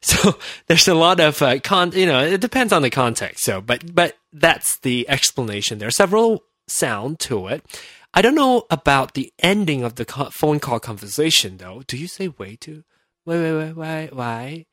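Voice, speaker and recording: Chatty male podcast host, lively pitch. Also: normal speed, no echo, clean studio sound. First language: Mandarin. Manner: rambling, self-interrupting, laughs easily. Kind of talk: casual solo podcast chat. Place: home.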